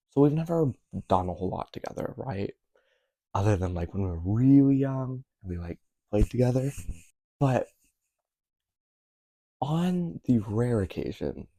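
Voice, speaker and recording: A man's voice: fairly low pitch, dark tone, no echo. A young man vlogging in a casual, rambling way, correcting himself and dropping wry asides.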